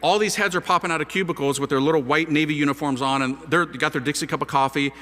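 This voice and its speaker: A man, a priest, telling his conversion story to an audience in a lively, dramatic way, acting out the voices of the people in it. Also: a little high, quick pace. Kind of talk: animated storytelling talk to an audience. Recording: long hall reverb.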